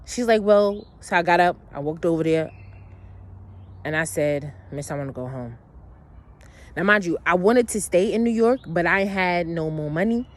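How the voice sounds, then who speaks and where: A woman telling a long personal story in a casual monologue, blunt and emotional, swearing freely and rambling with restarts and asides. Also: low voice.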